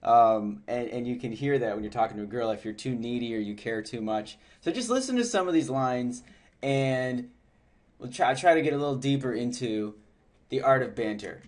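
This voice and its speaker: A man's voice: medium pitch, moderate pace, darkish tone. Brief: male dating coach, casual instructional chat, mid-range voice, laughs a lot, rambling fillers. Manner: chatty and loose, often laughing, heavy with "like" and "you know".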